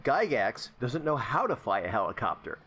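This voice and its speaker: A man of middle pitch chatting as a player at a game table. His voice rises and falls freely as he rambles through jokey tangents, full of fillers. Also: big pitch swings, moderate pace, a bit bright, breathy edge. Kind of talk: casual chat.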